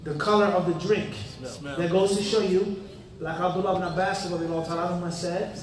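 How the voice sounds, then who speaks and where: A man's voice: high-pitched, little pitch movement, a little fast. A man giving an interactive religious lecture in a mosque hall, constantly quizzing the audience with fill-in-the-blank questions and tossing in casual street-talk asides. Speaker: Islamic teacher. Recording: roomy hall, mic at a distance.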